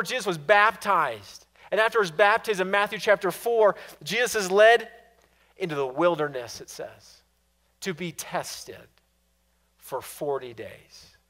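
A man preaching a sermon, swinging from loud, pressing questions to hushed, quiet endings. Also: fairly high pitch. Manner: dynamic preaching, rising to loud questions and dropping to hushed asides. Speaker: pastor.

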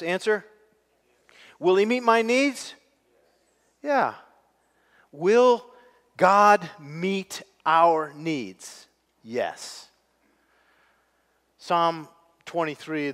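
A man preaches a sermon in a slow, unhurried cadence, pausing to put questions to his congregation. His voice sits a little higher than most men's. It rings out with the long reverb of a large hall. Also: fairly bright tone. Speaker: pastor. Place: church sanctuary.

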